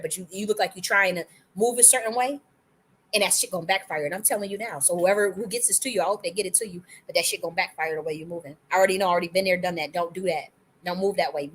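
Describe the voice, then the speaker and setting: A livestream host from the United States, suffering from a cold, delivers a furious, profane rant in quick bursts full of restarts. Her voice is medium in pitch, with slight background noise.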